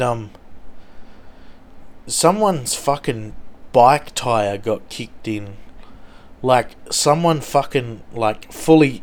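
A young Australian man telling a rambling, swear-heavy story from his school days in a casual way. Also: medium pitch.

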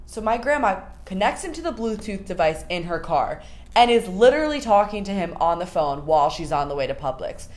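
A young woman co-hosting a podcast, telling a story in a casual, animated way. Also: a little fast. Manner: animated storyteller, slips into high put-on voices for quotes. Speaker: podcast co-host.

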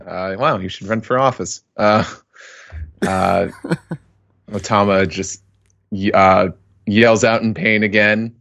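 Slow, gravelly man recapping casually. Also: steady tone, a bit bright, muffled recording. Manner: halting, many fillers, acts out quotes in higher voice. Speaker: podcast co-host recapping a manga chapter. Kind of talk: casual recap with quoted lines.

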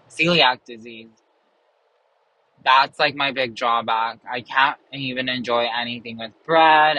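A man's voice: mid-range voice, pushed and bright, poor audio. A man chatting casually and rambling about a show he recommends. He leans heavily on fillers, trails off and pokes fun at himself. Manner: filler-heavy, trails off, self-mocking. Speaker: show reviewer.

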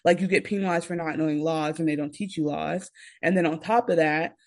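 A woman's voice: low voice, a little fast. A young woman from the United States co-hosting a casual podcast, talking candidly and swearing freely. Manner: candid, profane, animated when quoting others. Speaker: podcast co-host.

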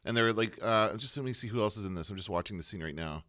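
A man co-hosting a casual podcast chat about movies, rambling and pausing to look things up. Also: lowish voice, pushed and bright. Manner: rambling, looks things up mid-talk. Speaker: podcast co-host.

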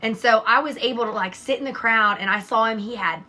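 A woman's voice: fairly high pitch, brisk, crowd noise. A woman, co-hosting a podcast, telling stories bluntly and swearing freely. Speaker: podcast co-host. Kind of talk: casual chat.

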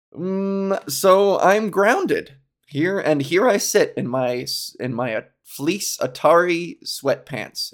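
A man comedian hosts his own podcast alone, rambling and giggling as he improvises. His voice sits a little high for a man. He talks in a loose, casual, off-the-cuff way. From Ontario, Canada. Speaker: podcast host. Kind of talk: casual solo podcast chat.

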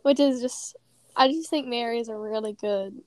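A woman's voice: on the high side, normal speed, no echo. A young woman co-hosting a podcast in casual chat, talking with many fillers and laughing often. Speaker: podcast co-host.

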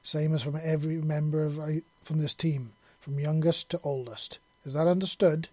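A man's voice: a little high, steady tone, moderate pace, dark tone, no room sound, close to an everyday voice. A man voicing a stern female military commander who gives clipped, commanding orders.

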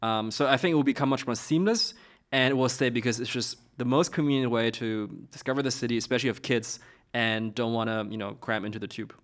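Middle-aged guy, mid-pitch voice, lots of ums and restarts, chatting as an interview guest. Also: quick pace, a bit bright. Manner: hesitant, many fillers and restarts. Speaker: guest, startup co-founder. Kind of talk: casual interview answers.

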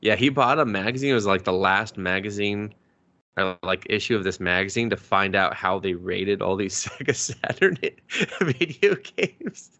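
Male podcast co-host, lowish voice, rambling giddy recap style with lots of cursing. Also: moderate pace. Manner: excited, rambling, swears a lot, laughs often. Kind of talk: casual chat recapping an anime.

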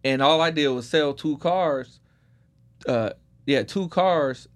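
A man's voice: on the high side, slow. A man in his thirties from Detroit, a podcast guest telling his story in a laid-back way with street slang. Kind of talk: casual podcast conversation.

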